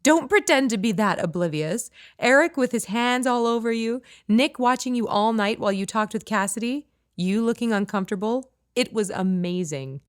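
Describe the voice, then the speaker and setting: A woman voicing a playful, blunt adult friend who teases and pries, a touch higher and louder than her narration. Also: lively intonation, moderate pace, hardly any pauses, dry recording, clean studio sound, close to an everyday voice. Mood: teasing. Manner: playful, blunt, lightly sarcastic.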